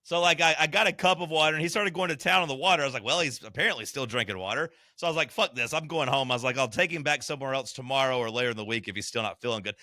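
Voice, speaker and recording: A man's voice: mid-range voice, very fast, hardly any pauses, sharp tone, no room sound, clean studio sound. A man co-hosting a podcast in casual chat, blunt, profane and joking. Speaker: podcast co-host.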